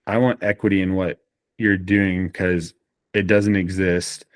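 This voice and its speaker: Low-voiced man telling stories animatedly. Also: measured pace, dry recording, clean studio sound. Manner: animated storyteller, frequent fillers. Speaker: guest. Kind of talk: casual podcast conversation.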